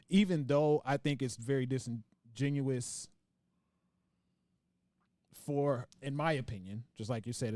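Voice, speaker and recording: A man's voice: medium pitch, darkish tone, no room sound, studio quality. A man hosting a casual podcast discussion, rambling and restarting his sentences as he works through a point. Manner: reads out viewer comments.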